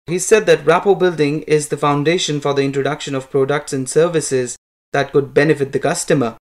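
A man's voice: a little high, fairly even intonation, fairly quick. A man with an Indian English accent recounting lesson points in a scripted conversation. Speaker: student discussing lesson.

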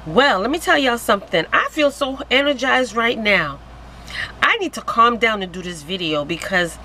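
A woman vlogging to camera in an excited, giddy way, exclaiming and laughing. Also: mid-range voice, moderate pace, a little hiss or hum, rough recording. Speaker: vlogger selling wellness products. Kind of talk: excited casual vlog to camera.

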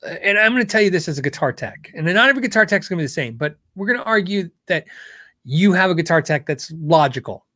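A man's voice: sits high, expressive, fast talker, bright, forceful tone, no echo, studio quality. A middle-aged man hosting a casual live Q&A show, explaining guitar setup in a conversational way as a guitar tech.

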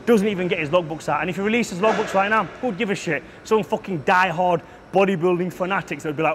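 Blunt profane man coaching in a gym, slightly higher voice, faint background hum. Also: fast, few pauses, fairly bright tone. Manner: brash, profane, lecturing. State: out of breath between sets. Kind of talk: blunt gym tutorial with heavy swearing.

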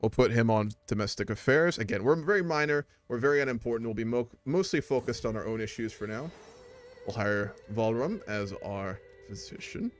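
Over faint background music, a young adult streamer plays a strategy game and chats loosely with his audience. His mid-range voice moves at a brisk pace, wandering along with plenty of fillers.

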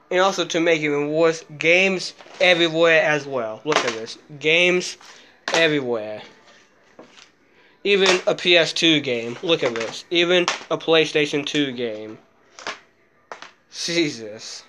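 A man's voice: a little high, animated, measured pace, long pauses, noisy background. Jittery swearing young man vlogging. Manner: jittery, swears often, mutters to himself; soft baby talk to his cat. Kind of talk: casual handheld vlog narration.

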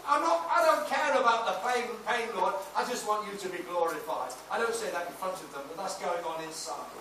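Man, 60s, pastor. High, sharp, emphatic preaching delivery with storytelling; recorded at a distance in a booming church hall. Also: brisk, a little hiss or hum. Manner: emphatic preaching with anecdotes and shouted praise. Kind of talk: sermon. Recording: echoey hall, mic off at a distance.

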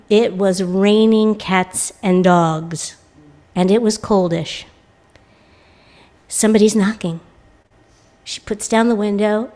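An American woman intern minister giving a reflective sermon, telling a personal story and voicing the people in it with lively quoted lines. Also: medium pitch. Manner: reflective, animated when quoting others. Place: church sanctuary.

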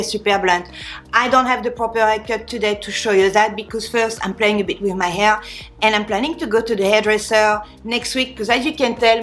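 A French-accented woman in her forties chats candidly to camera, giving beauty tips with small slips and restarts. Her voice sits a little high. Faint music plays quietly behind her. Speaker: beauty vlogger. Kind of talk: casual talk to camera.

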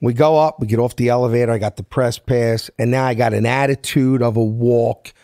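A South Philadelphia man in his fifties, speaking with a Philadelphia accent, is a guest in an interview. His medium-pitched voice moves a little fast, and he tells a story animatedly, acting out every voice. The sound is clean studio quality with no room sound.

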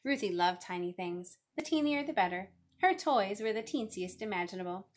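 A woman reading a children's picture book aloud, expressive and lively. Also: mid-range voice, moderate pace. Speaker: reader.

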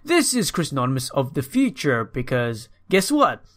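A young man hosting casual gameplay commentary, excitable and swearing, ranting at the characters on screen. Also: medium pitch, normal speed. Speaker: gaming video host.

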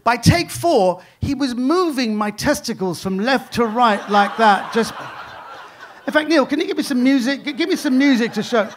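A British comedian telling a true story live on stage, animated and self-deprecating. His voice sits notably high for a man, and he often laughs along as he talks. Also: normal speed, a little hiss or hum.

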